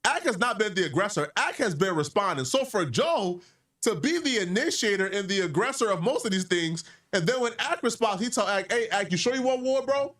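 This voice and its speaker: A man with a high, swooping voice delivers animated commentary. He is opinionated and keeps slipping into mocking impressions of others as he argues. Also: brisk, far from the mic. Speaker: commentary video creator. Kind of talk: hip-hop commentary video.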